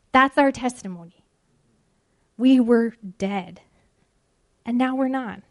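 A woman with a fairly high voice delivers a devotional talk to her listeners. She speaks earnestly, drawing out key phrases with deliberate pauses for emphasis. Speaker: ministry speaker. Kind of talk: devotional sermon.

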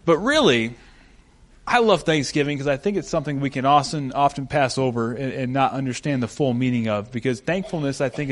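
A young man preaching a sermon as a pastor, enthusiastic and full of stories. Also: on the high side. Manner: enthusiastic, storytelling.

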